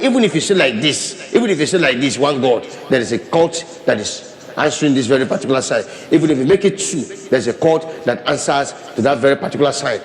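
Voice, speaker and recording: Animated preaching man in a reverberant hall. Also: a little high. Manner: animated, repeats and restarts phrases, demonstrates with hands. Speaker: pastor. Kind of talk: sermon.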